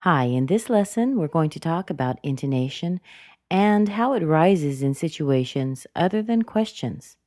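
A woman teaching a pronunciation lesson, speaking deliberately and demonstrating example sentences. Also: sits low, lively intonation, dark tone, no room sound, studio quality. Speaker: accent coach.

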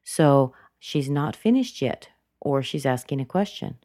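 A woman's voice: a bass voice, lively intonation, measured pace, dark tone, dry recording, studio quality. A woman teaching English pronunciation, explaining patiently and repeating words to show how the intonation rises and falls. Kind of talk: slow explanatory lesson.

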